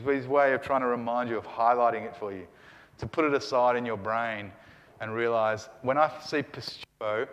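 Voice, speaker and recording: A man's voice: mid-range voice, a bit bright. A man teaching a Greek grammar class, lecturing and often checking in with his students. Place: lecture hall. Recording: long hall reverb.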